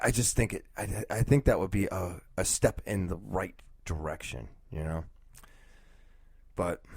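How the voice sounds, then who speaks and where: A young man talks alone on his podcast, thinking aloud and circling his point with ums and restarts. His voice sits on the low side. The sound is dry and close, with no room around it. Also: no room sound. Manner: rambling, thinking aloud with fillers. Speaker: podcast host. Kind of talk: casual solo talk.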